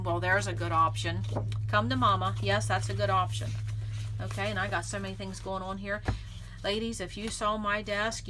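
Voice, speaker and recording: A woman's voice: mid-range voice, steady tone, moderate pace, pushed and bright, slight background noise. A woman hosting a scrapbooking video, chatting casually and thinking aloud as she works in her craft room. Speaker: scrapbooking channel host.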